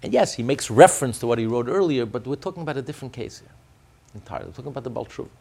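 A man's voice: mid-range voice, lively intonation, very fast, creaky, darkish tone, breathy edge. A man explaining a religious text in a class, emphatic, often repeating and restarting his phrases. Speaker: religious teacher.

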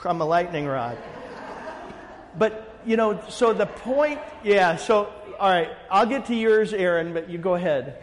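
Male pastor, casual rambling storyteller, slightly high voice, reverberant room. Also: slight background noise. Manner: animated, rambling, many fillers. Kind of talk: casual storytelling in a group chat.

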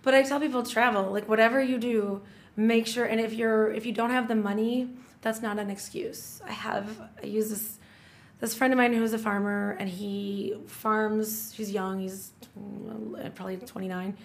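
A woman's voice: mid-range voice, steady tone, normal speed. A middle-aged woman in casual podcast conversation, chatty and enthusiastic, often restarting her sentences. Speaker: guest.

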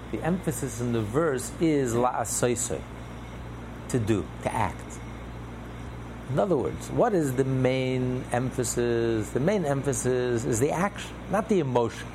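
Gravelly man teaching a text class. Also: medium pitch, noisy background. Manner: repetitive, builds through lists of phrases. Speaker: Torah teacher.

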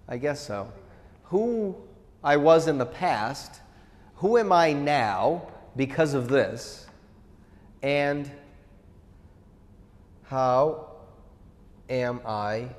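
Unhurried casual pastor, hall reverb. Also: male voice, medium pitch, expressive. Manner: casual, questioning, acts out quotes. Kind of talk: conversational sermon with whiteboard.

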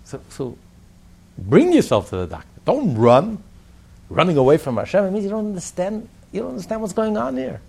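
Man, Torah teacher, husky voice, somewhat high pitch, emphatic and repetitive. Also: very animated, a little fast, dark tone. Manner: emphatic, repetitive, rhetorical questions. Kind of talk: religious text class.

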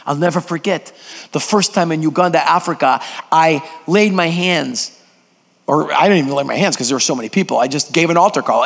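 A man's voice: a little high, brisk, gravelly, a bit bright. A man preaching a sermon as a guest preacher, emphatic and putting questions to the congregation, in a church sanctuary. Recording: long hall reverb.

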